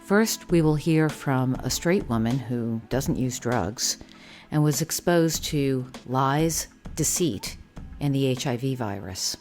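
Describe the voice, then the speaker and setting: A woman hosting a podcast, reading scripted introductions in a measured way. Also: rumbling low, expressive, a little mellow, soft background music. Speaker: podcast host.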